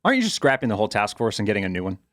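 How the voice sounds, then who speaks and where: A man's voice: fairly low pitch, wildly swooping pitch, rapid-fire, no room sound, clean studio sound. A man co-hosting a podcast in casual chat, thinking aloud with stammered restarts. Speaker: podcast co-host.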